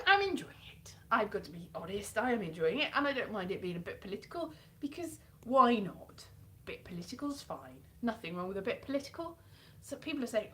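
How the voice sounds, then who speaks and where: A woman's voice: fairly high pitch, sing-song, brisk, bright, forceful tone. A woman chatting casually and rambling on a home live stream, breaking into playful voices to mimic characters. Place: indoors at home.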